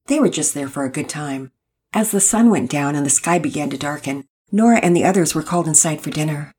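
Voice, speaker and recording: Husky-voiced woman reading a storybook. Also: low voice, a little fast. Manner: expressive, even storytelling. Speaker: narrator.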